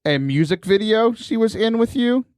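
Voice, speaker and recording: Lively high-pitched male podcast host. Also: moderate pace, clean tone, no room sound, clean studio sound. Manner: animated storyteller, laughs often. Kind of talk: casual chat.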